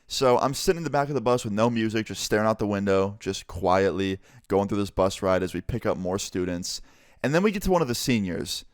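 A man's voice: expressive, a little fast, dry recording, clean studio sound. A young man casually telling a story from his school days, laid-back and swearing freely. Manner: laid-back, swearing, low-key delivery.

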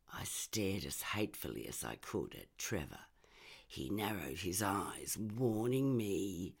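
Woman reading a short story, slow, lots of lift and fall, bit husky. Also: extremely low pitch. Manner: measured, expressive storytelling. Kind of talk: first-person story narration.

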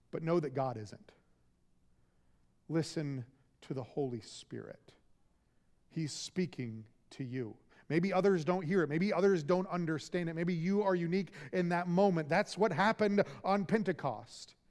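A man preaching a sermon as pastor, earnest and emphatic, slowing down for key lines. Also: a little high, a little mellow. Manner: earnest, emphatic preaching with slow deliberate pauses. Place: church sanctuary.

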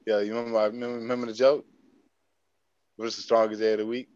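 A man's voice: lowish voice, flat delivery, fast, a little mellow, dry recording. A man in casual chat as a podcast co-host, joking, blunt and profane. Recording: dull lo-fi sound.

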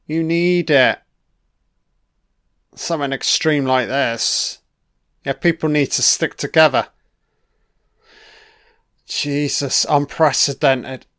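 A man's voice: a little high, a bit bright, clean tone, no echo, studio quality. A man giving casual reaction commentary over an old broadcast, blunt and heavy on swearing, thinking aloud as he goes.

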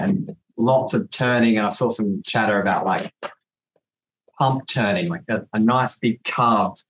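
A man's voice: on the low side, measured pace, a bit bright, low-quality recording. A man, a guest from a gear company, asking long rambling questions in casual chat. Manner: rambling, searching questions with restarts.

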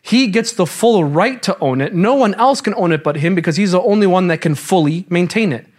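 A man teaching a lively religious class, quizzing the students and mixing in casual slang. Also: high voice, a little fast. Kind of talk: interactive classroom lecture.

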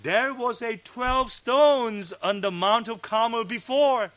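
A man preaching a sermon, fervent and emphatic, sometimes dropping to a low hush. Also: slow pace. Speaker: pastor. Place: fellowship meeting hall.

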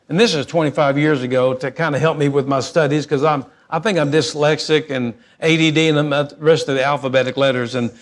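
A middle-aged man, preaching a sermon in a folksy, animated storytelling manner, alternating quick asides with slow emphasis. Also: a little high. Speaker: pastor.

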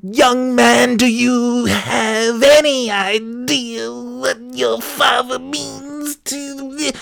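A man putting on the voice of a shrill old woman from church who scolds and shouts accusingly. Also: fairly even intonation, extremely slow, vocal fry, exaggerated voice. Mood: scolding.

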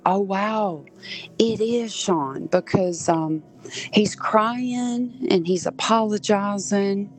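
A woman's voice: medium pitch, low-quality recording. A woman from southern Georgia, a podcast guest, earnestly recounting events step by step. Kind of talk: personal storytelling.

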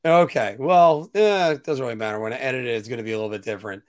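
A man hosting a casual sports talk show, ranting opinions in an animated way. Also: mid-range voice, rapid-fire. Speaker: podcast host.

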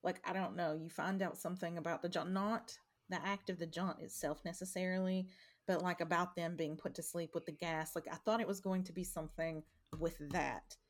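A woman's voice: lowish voice, fairly even intonation, fairly quick. A woman casually discussing a book, rambling with many fillers.

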